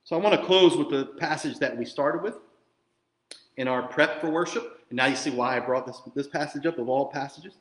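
Animated pastor preaching in an echoey room. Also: male voice, mid-range voice, brisk. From New Jersey, USA. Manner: animated, swings from quiet to loud and emphatic; conversational, jokey asides. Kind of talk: sermon.

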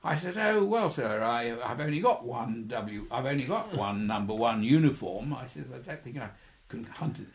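Older man telling lively anecdotes. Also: medium pitch, moderate pace, vocal fry, a little hiss or hum. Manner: chuckling storyteller who acts out quoted voices. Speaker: interviewee, former air force pilot. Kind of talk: anecdotal reminiscing.

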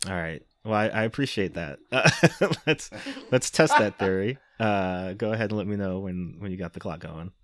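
A low-voiced man recaps a film for a podcast, loose and wry, with frequent "um"s and quick laughs. The sound is dry and close, with hardly any room around him. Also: fairly bright tone, no room sound. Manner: wry, laughing, filler-heavy. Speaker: podcast host. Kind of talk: casual movie recap.

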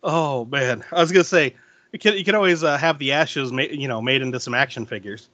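A man's voice: mid-range voice, brisk, no room sound, muffled recording. A man co-hosting a podcast, recapping a film scene by scene in casual chat and laughing often. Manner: laughs often, lively storytelling with restarts.

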